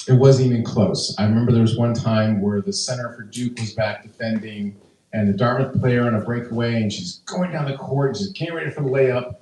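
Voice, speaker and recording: A stand-up comedian in his fifties, with a medium-pitched, darkish voice, tells rambling, chatty stories packed with fillers and restarts. His voice comes from a distance in an echoey room, with slight background noise.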